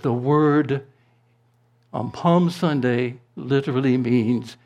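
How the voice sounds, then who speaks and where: Here a male pastor at a medium pitch delivers a sermon to his flock, measured and unhurried. His delivery swells into forceful declarations, then falls back to near-whispers.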